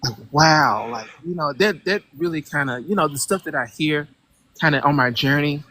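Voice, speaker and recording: A caller on a casual call-in show who speaks at a medium pitch. They talk hesitantly, leaning on fillers and searching for words. They turn animated when something strikes them as absurd. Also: moderate pace, slight background noise.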